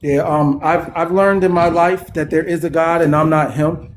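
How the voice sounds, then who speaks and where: Philly man, high-pitched, fired up and passionate; faint background noise. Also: fairly even intonation, moderate pace. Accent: Philadelphia. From North Philadelphia. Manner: passionate, voice rises when worked up. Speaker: caller. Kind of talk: heated live-stream debate.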